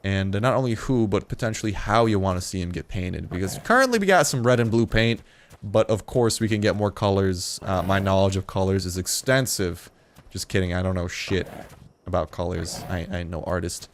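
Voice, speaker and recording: A man's voice: deep voice, a little fast. A late-teen man giving casual gameplay commentary as a video host, rambling, joking and swearing often. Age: late teens.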